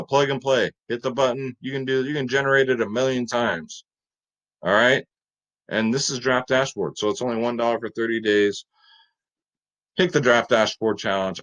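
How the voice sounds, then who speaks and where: Male host, mid-pitched, excitable and chatty, pitching sports picks. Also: poor audio. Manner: hyped, chatty, salesy. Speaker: fantasy sports video host. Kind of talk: casual fantasy sports picks talk.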